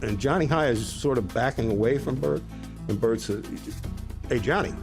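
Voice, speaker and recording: A man narrating a sports documentary in a measured, deliberate way. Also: mid-range voice, creaky, over music.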